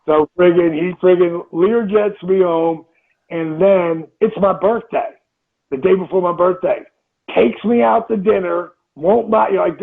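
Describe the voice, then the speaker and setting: A man in his fifties, an interview guest telling stories in a casual, animated way, acting out quotes and swearing freely. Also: sits high, normal speed, vocal fry, slightly rough. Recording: tinny phone-line audio.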